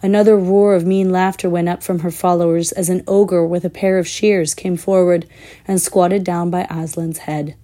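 A woman reading a children's fantasy book aloud in a measured, expressive way, with the odd slip. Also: lowish voice. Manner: measured, expressive, with small slips. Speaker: storyteller.

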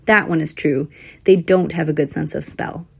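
A woman doing a small, quick-witted male squirrel who mutters and frets aloud as he tries to think his way out of trouble, his voice turning squeaky whenever fear creeps in. It has a gravelly, husky edge and sits low for a storybook critter. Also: steady tone, exaggerated voice. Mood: musing. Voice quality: squeaky when frightened. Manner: talks to himself in anxious, thinking-aloud bursts. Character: clever flustered male squirrel caught by a hawk. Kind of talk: storybook character voice.

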